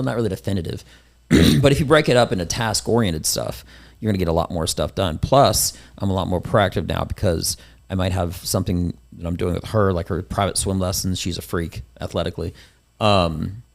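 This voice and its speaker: A man's voice: low-pitched, creaky. A man hosting a casual interview podcast, talking in a rambling, motivational way with many restarts. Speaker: podcast host and comedian.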